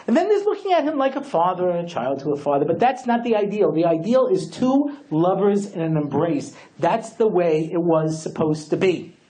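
Animated joke-telling rabbi lecturer, man. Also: sits high, normal speed, few pauses. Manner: animated joke-telling, swinging between hushed and excited. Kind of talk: humorous religious lecture.

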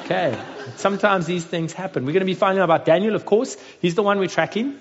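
A man in his thirties preaching a sermon, telling a family story with animated acted-out voices. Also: high-pitched, brisk, a little hiss or hum. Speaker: pastor. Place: Cape Town. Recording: dull sound with long hall reverb.

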